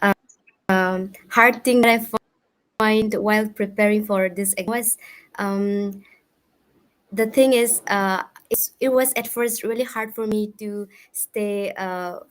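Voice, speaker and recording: A woman's voice: medium pitch, fairly even intonation, slow, low-quality recording. Polite hesitant woman student. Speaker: student, exam topper. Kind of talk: interview answer.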